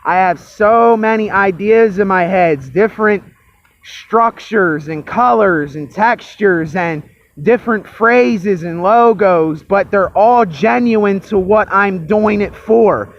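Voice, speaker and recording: A man speaking loud into a phone held in his hand, pushing his voice as he gives a reflective monologue. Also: high voice, slow. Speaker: vlogger. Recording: lo-fi phone recording.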